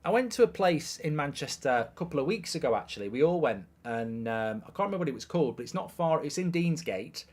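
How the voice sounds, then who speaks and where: A man's voice: fairly high pitch, sing-song, fast talker, few pauses. A man hosting a live football watchalong, chatting crudely and jokingly, reading out viewer messages and scores.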